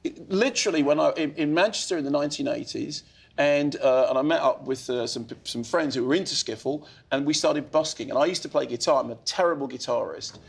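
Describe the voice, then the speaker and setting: A man in his fifties, a film critic guest on a TV chat show, telling animated, self-deprecating stories. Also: fairly high pitch, brisk, creaky, breathy edge. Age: 50s. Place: TV studio.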